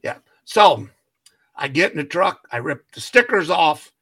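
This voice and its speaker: A man's voice: fairly high pitch, big pitch swings, a little slow, fairly bright tone, husky. A man co-hosting a casual podcast, telling a long story and acting out what everyone said, laughing often. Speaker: podcast co-host.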